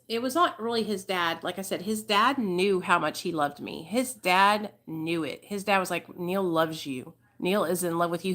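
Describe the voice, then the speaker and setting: A woman's voice: on the low side, fairly bright tone. A woman in her thirties telling her life story to livestream viewers, chatty and emotional, swearing freely and calling them y'all. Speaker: livestream host.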